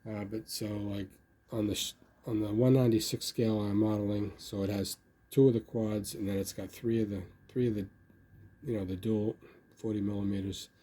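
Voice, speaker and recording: A man's voice: on the low side, steady tone, moderate pace, warm tone, slightly rough. An older man casually talking about his model building, rambling and filling his speech with "you know.". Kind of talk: casual hobby video talk.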